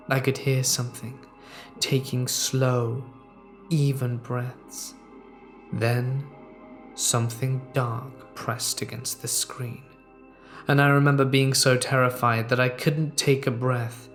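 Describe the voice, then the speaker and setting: Brief: male horror narrator, unhurried and suspenseful, mid-pitched, soft music bed. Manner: measured, hushed, suspenseful.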